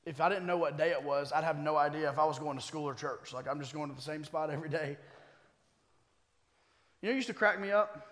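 A man with a high, light voice preaches to his congregation. He moves between easy, joking asides and rising, emphatic calls, and his words ring out with a long echo in a church sanctuary. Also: fast talker. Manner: preaching that builds to forceful emphasis; conversational asides with humor. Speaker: pastor. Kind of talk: sermon.

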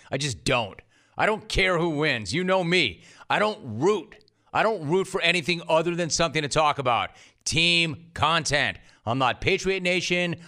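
A man's voice: on the high side, sharp tone. A man hosting a sports radio show, brash and punchy, repeating short phrases for effect. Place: radio studio.

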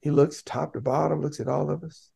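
A man talking casually as a podcast guest, telling lively stories and breaking into raised voices to act out what others said. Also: a little high, fairly quick, gravelly, slightly rough. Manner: animated, laughing, acts out quotes in raised voice. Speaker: podcast guest, basketball coach. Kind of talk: casual storytelling.

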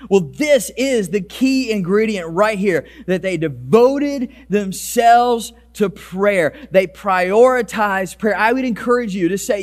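High-voiced, animated male pastor preaching. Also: takes it slowly, few pauses. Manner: animated preaching, repeats words when starting a sentence. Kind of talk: sermon. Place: church service, also streamed.

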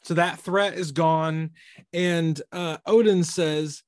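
A man casually discussing a comic book issue on a podcast, animated and laughing as he retells scenes. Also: a little high, slow pace, no room sound, clean studio sound. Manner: animated, mock-archaic quoting, laughing. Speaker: podcast co-host.

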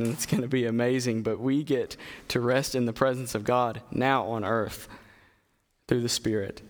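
A man giving an earnest sermon, reading scripture aloud and speaking with halting restarts and fillers. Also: mid-range voice, in a large hall. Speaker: preacher.

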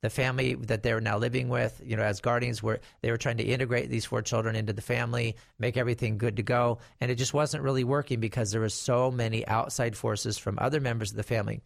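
A man's voice: medium pitch, fairly even intonation, fast, creaky, few pauses, no echo, studio quality. A middle-aged man, an estate planning attorney, explaining guardianship in a conversational storytelling way with emphatic warnings. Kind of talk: explanatory talk to viewers.

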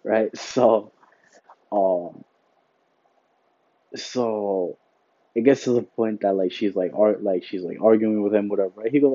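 This podcast host is a man with a warm, lowish voice who speaks at a measured pace with long pauses. He rambles casually through a work story, full of fillers and "whatever, right?", over dull lo-fi sound with no room echo.

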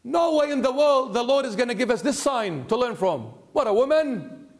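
Preacher putting on mocking monks, incredulous, higher voice, scoffing. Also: male voice, big pitch swings, moderate pace, exaggerated voice. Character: scornful group of young male monks.

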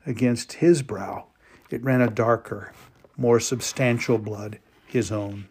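A man giving a dramatic story reading, slow and emotive, with drawn-out pauses. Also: medium pitch, darkish tone, husky.

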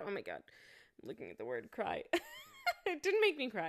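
A woman talking through her reactions to a show in a thoughtful, halting way, with frequent fillers and restarts. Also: medium pitch, huge pitch swings. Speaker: commentator reviewing a show. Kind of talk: casual spoken commentary.

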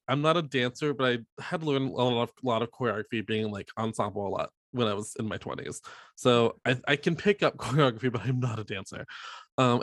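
A man's voice: medium pitch, a bit bright, no room sound, studio quality. A man in his thirties co-hosting a podcast, telling a rambling story with many fillers and laughs. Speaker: podcast co-host. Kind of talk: casual chat.

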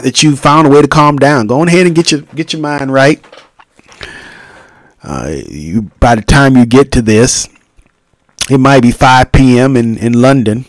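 A man hosting a casual solo podcast, rambling and profane, with sudden loud outbursts. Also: medium pitch, dry recording. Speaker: podcast host.

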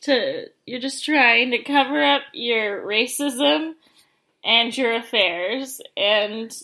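A woman's voice: a little high, takes it slowly, gravelly, pushed and bright, low-quality recording. A young woman co-hosting a podcast with her mother, chatting casually with wry, sarcastic asides. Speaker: podcast co-host, daughter. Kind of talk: casual reality-TV recap chat.

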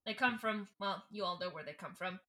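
A woman's voice: mid-range voice, a little fast, bright, forceful tone, voice pushed down, lightly acted. A woman voicing a rambling, half-mad homeless man who blurts out frantic, stammering outbursts. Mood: dazed.

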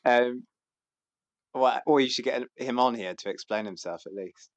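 A man's voice: mid-range voice, moderate pace, no room sound, dull audio. Hesitant man on a podcast. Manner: hesitant and rambling, many fillers and restarts. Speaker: podcast guest. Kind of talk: casual chat.

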